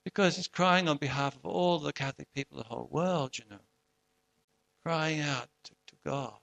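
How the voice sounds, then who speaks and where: A man's voice: on the high side, a bit bright. A man preaching a sermon in an earnest, conversational way, often restarting and asking rhetorical questions.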